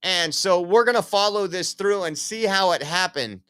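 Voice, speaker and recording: A man's voice: high-pitched, moderate pace, sharp tone, smooth. A man hosting opinionated political commentary, reading quotes aloud and laughing at them mockingly.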